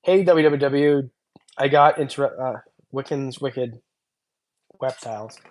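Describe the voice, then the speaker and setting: Male stream host, mid pitch, tired and loose, joking banter over chat comments. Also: slow pace. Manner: loose, rambling, joking, many fillers. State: tired after a long stream. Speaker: reptile channel host. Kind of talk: casual livestream chat reading comments.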